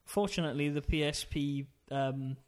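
A man's voice: a little high, steady tone, normal speed, darkish tone. A man co-hosting a podcast, talking about games in a rambling, chatty way with lots of ums and laughs. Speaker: podcast co-host. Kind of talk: casual chat.

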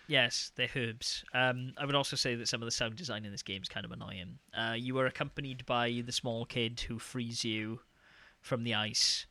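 A man chatting casually about video games as a podcast co-host, rambling with lots of fillers and getting animated when excited. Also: mid-range voice, normal speed, dry recording. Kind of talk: casual gaming chat.

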